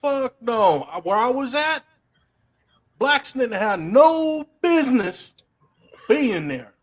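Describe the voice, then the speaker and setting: A man's voice: extremely high pitch, big pitch swings, slow. A man in a casual chat, speaking emphatically and swearing. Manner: emphatic, profane.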